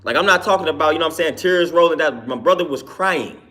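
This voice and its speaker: A man's voice: fairly high pitch, fast talker, sharp tone. A man, a personal trainer, giving an earnest casual monologue and often tagging his sentences with "man.". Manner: earnest, repeats "man" and "you know what I'm saying".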